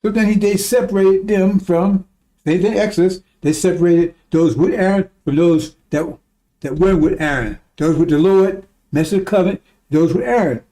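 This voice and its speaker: A man's voice: sits high, moderate pace, mellow. A man giving a rambling, emphatic religious talk, swearing when he gets worked up. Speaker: religious teacher. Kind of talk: informal religious teaching.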